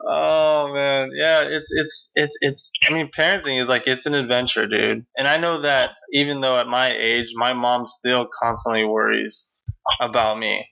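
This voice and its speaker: Bright-voiced chatty man, slightly dull sound. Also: mid-range voice, level tone, normal speed, gravelly. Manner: rambling, many fillers and restarts. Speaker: podcast host. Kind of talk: casual chat.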